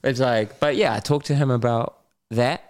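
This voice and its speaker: A man's voice: medium pitch, normal speed, clear, resonant tone. A middle-aged man, a podcast guest talking candidly, laughing often and swearing casually. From New Zealand. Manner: animated storyteller, swears, laughs often, acts out his own lines.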